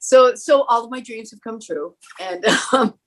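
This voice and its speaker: A woman, an actress at a film reunion panel, chatting casually and laughing easily, her voice softening toward the ends of phrases. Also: on the high side, measured pace. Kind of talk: casual chat.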